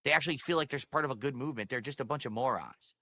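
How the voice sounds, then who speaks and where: A man's voice: mid-range voice, racing, creaky, pushed and bright, dry recording, clean studio sound. A man ranting on his livestream, self-assured and insulting toward his critics. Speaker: streamer. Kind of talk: livestream rant.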